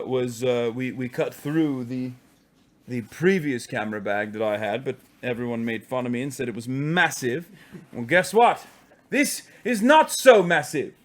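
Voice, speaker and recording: A male streamer putting on a pompous posh upper-class English accent, talking in a mock-genteel way with lively swoops. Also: mid-range voice, close to an everyday voice. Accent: posh English (put on). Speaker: live streamer. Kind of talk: mock-posh comedic monologue.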